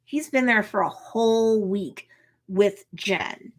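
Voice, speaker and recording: A woman attorney casually recapping and commenting on a TV episode, chatty and lively, acting out characters' lines. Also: mid-range voice, slow. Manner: lively storyteller who acts out characters' lines; chatty, with frequent um and you know. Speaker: attorney reacting to a TV series.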